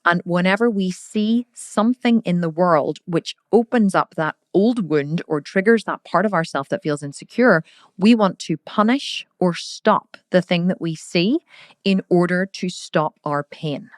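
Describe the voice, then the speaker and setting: Woman, podcast host and coach, lively and direct with the listener, lowish voice, dry sound. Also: unhurried, dry recording. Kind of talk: casual motivational podcast monologue.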